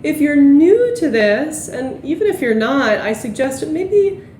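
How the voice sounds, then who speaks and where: Calm woman guiding a yoga class. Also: sits high, measured pace, roomy sound, a little hiss or hum. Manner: calm, gentle cueing of breath and movement. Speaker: yoga instructor. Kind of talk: guided yoga class instruction.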